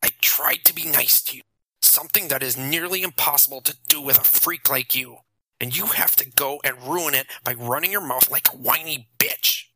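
A man's voice: medium pitch, normal speed, bright, forceful tone, poor audio. A man voicing a cruel teenage boy bully who swears and taunts. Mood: hostile.

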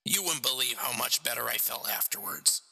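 A man voicing a hoarse, mocking male killer who confesses to a priest, in a reverberant room. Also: mid-range voice, animated, normal speed, pushed and bright, full character voice. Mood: taunting. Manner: taunting, mocking.

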